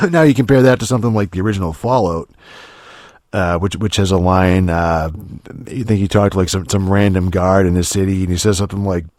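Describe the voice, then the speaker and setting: A man's voice: low-pitched, brisk, a little mellow, dry recording, clean studio sound. A man hosting a podcast, rambling and profane in a casual solo rant, with sarcastic asides and many restarts and filler words. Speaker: podcast host.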